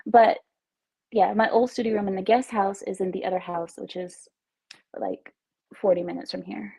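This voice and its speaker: Chatty woman with a gravelly fry. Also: mid-range voice, level tone, normal speed, dark tone, low-quality recording. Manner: chatty, giggly, self-teasing. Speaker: livestream host. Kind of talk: casual livestream chat, reading out viewer comments. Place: home. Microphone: wireless earbuds.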